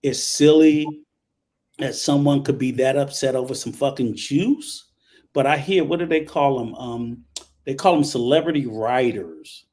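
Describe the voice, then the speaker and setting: A man's voice: medium pitch, a little slow, a little mellow. A man hosting a casual online talk show, speaking in a conversational, emphatic way. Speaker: host.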